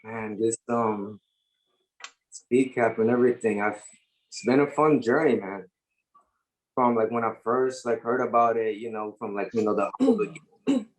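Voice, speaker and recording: A young man on a video call thanking people for a scholarship, relaxed and rambling, searching for words. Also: mid-range voice, moderate pace, long pauses, rough recording. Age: young adult. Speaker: scholarship winner. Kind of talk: casual thank-you remarks.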